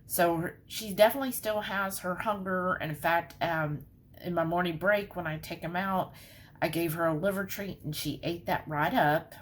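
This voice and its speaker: A woman's voice: lowish voice, steady tone, normal speed. Chatty woman vlogging. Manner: chatty, lots of fillers, says y'all. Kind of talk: casual vlog chat.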